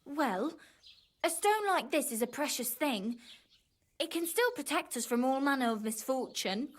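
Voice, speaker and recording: Fretful peasant wife, high voice, earnest, guarded, game dialogue. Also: female voice, expressive, unhurried. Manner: earnest, guarded, then desperate pleading. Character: anxious peasant wife pleading for her sick husband.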